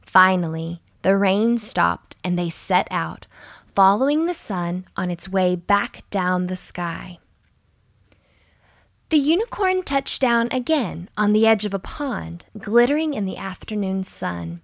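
A woman reads a children's bedtime story at an unhurried, gentle pace, her voice rising and falling with a lot of melody. There is a slight gravelly fry at the edges of her words, and the recording is dry and close. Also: no echo. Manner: slow and soothing with lively pitch.

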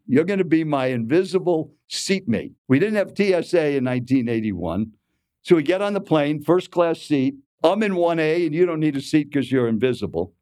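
A man's voice: mid-range voice, a little mellow, no echo, clean studio sound. A man in his eighties who coaches speakers, telling a story in a keynote talk and speaking straight to the listener. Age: 80s.

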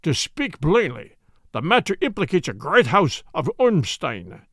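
A man's voice: a little high, sing-song, measured pace, fairly bright tone, no room sound, clean studio sound, full character voice. A man reading the part of a proud foreign king who speaks formally. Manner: formal, stately speech. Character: proud, agitated foreign king, tall and grand.

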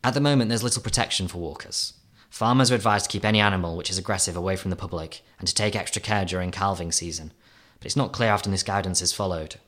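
A man reading his own opinion column aloud in a dry, measured storytelling manner. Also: low voice, a bit bright.

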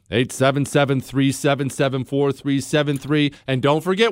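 A man hosting a talk radio show, indignant and swinging between loud outbursts and low mutters into a studio microphone. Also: fairly even intonation, normal speed, few pauses, no echo.

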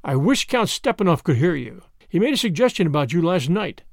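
Brief: man doing a cold, scornful schemer lady in a storybook reading, high and lilting, dry sound. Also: brisk, no echo. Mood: cool. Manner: calm, mocking, coolly superior. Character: cool, scornful, scheming society woman.

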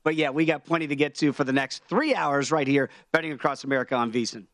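A man's voice: on the high side, fast talker, fairly bright tone, no echo. Chatty man giving betting picks. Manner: confident, chatty picks talk. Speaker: guest sports betting host. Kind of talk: sports betting analysis.

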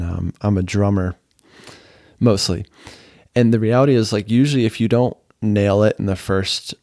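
A young adult man hosts a casual solo podcast, speaking in a fairly low voice. He tells stories in a loose, rambling way with a sarcastic, deadpan edge. The sound is close and dry, with no room echo. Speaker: podcast host.

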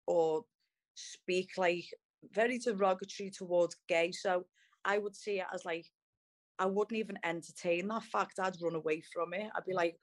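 A woman's voice: on the low side, steady tone, moderate pace. A young woman with a Liverpool accent tells her story to interviewers in a candid, casual way. She talks bluntly, swears freely and fills her speech with "like". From Liverpool, England. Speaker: MMA fighter, interview guest.

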